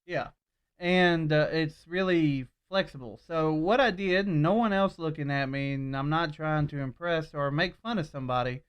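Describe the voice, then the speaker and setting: A man's voice: fairly high pitch, moderate pace, smooth, dull audio. Laid-back man rambling on a podcast. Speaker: podcast co-host. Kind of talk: casual chat. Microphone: shared swivel mic.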